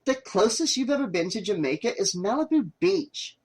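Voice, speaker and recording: A man's voice: high-pitched, sing-song, normal speed, vocal fry, a little mellow, pitched above the performer's own voice, full character voice. A man voicing a pushy, short-tempered young woman who makes documentaries, in a raised, exasperated voice. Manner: exasperated, snappy.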